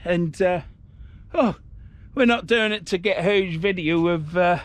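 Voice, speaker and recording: Blunt man, a bit high. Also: unhurried. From England. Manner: blunt, grumbling, swears freely. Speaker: fishing vlogger. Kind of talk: casual outdoor vlog. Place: outdoors on a riverside shore.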